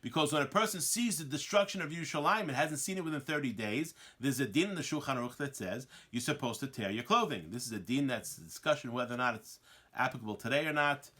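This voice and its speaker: A man's voice: mid-range voice, fast. A man teaching a Talmud lesson, reading Hebrew and Aramaic lines and translating them, acting out the dialogue with animation. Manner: animated, acts out the quoted dialogue; reads Hebrew and Aramaic text then translates it. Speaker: Torah teacher.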